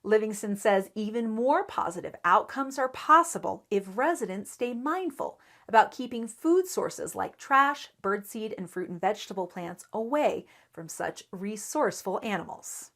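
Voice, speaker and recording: A woman reporter narrates a local news segment in a steady, measured way. Her voice sits in an ordinary middle pitch and keeps a scripted newsreader cadence throughout. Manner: measured, even newsreader delivery.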